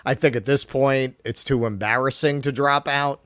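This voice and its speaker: Man, New York native, co-host; indignant and profane, mid-range pitch, dry close sound. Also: fairly even intonation, moderate pace, a bit bright, clear, resonant tone, no room sound. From New York, Queens. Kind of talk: casual political chat.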